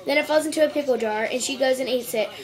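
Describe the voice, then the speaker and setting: A woman reading out a string of jokes for a home video, stumbling over words, restarting and clearing her throat. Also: high-pitched, quick pace, soft background music. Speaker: joke-telling video maker.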